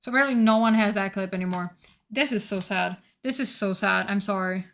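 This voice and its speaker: A woman streamer chatting casually on a live stream, excitable and profane, rambling while she searches her notes. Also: medium pitch, brisk.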